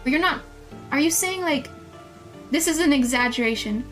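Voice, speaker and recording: A woman's voice: high-pitched, lively intonation, moderate pace, pauses often, faint music behind. A young woman livestreaming a game and chatting with viewers in a playful, giggly way, often flustered and laughing. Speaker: streamer. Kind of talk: casual live-stream chat with viewers.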